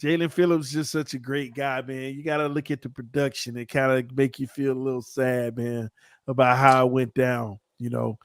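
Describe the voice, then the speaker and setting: A man's voice: medium pitch, flat delivery, normal speed, no echo, clean studio sound. A man co-hosting a podcast, chatting casually about football in a laid-back, rambling way, often trailing off with "man". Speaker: podcast co-host. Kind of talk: casual sports chat.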